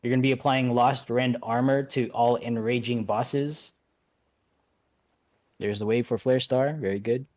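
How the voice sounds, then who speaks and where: A man leading an online game raid, giving relaxed instructions with many fillers and restarts. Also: mid-range voice, unhurried. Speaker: raid leader. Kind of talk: casual instructions over voice chat.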